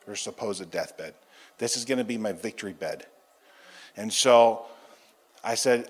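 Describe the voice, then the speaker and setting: A man with a somewhat low voice tells his testimony like a sermon, acting out every voice in the story. His words ring out into a big hall with a long tail of reverb. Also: moderate pace. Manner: animated storytelling, acting out dialogue. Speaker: speaker giving a testimony.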